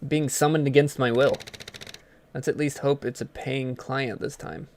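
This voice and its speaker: A man's voice: medium pitch, steady tone, measured pace, darkish tone, slight background noise, natural voice. A man voicing a dry ghost detective. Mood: wry. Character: wisecracking ghost private detective man, hard-boiled.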